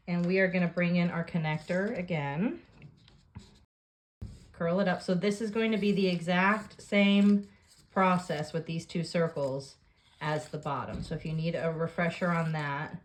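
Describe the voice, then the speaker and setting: A woman calmly explaining a paper craft step by step as she works through it. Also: on the low side. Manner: calm step-by-step instructions while working. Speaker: craft tutorial host. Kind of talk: hands-on craft tutorial.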